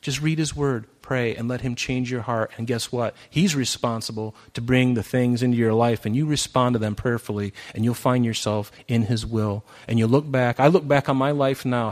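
A man preaching a sermon in a conversational way. He swings from emphatic, raised passages to soft, quiet asides. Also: mid-range voice, steady tone, fairly quick, few pauses. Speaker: pastor.

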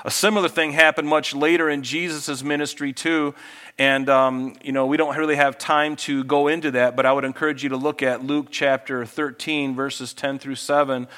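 A man preaching a sermon as pastor, moving between quiet, intimate asides and raised, emphatic passages. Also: mid-range voice, flat delivery, moderate pace, clean tone.

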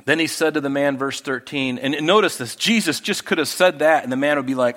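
A pastor delivering a sermon in a voice that sits a little higher than most men's. He moves between loud, emphatic scripture reading and soft, intimate asides to the congregation. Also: fairly quick, hardly any pauses.

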